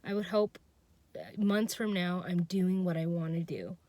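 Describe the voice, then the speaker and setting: A young woman venting her frustration in an unscripted personal vlog, halting and restarting, trailing off and laughing at herself. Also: lowish voice, steady tone, warm tone, dry recording. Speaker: vlogger.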